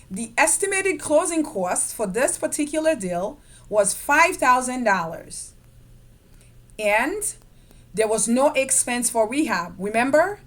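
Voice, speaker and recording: A woman teaching a real estate investing lesson in a lively way, stressing key words and checking in with her viewers. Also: a little high. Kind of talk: screen-share investing lesson.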